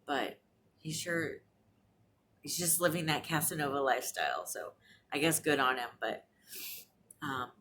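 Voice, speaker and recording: A woman's voice: low-pitched, lively intonation, a little slow, long pauses, fairly bright tone. A woman around forty chatting casually at home for her vlog, rambling with lots of fillers and restarts. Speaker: vlogger. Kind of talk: casual chat. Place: apartment.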